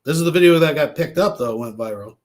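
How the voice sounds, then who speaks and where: A man's voice: a little high, lively intonation, fast talker, a little mellow. A man hosting a commentary video, talking in a wry, offhand way and swearing casually. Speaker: commentary host.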